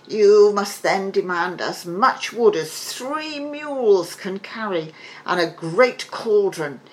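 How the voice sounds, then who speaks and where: A woman's voice: medium pitch, animated, slow pace, rough recording. A woman voicing a ragged, pleading old beggar woman in a fairy tale reading. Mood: instructing.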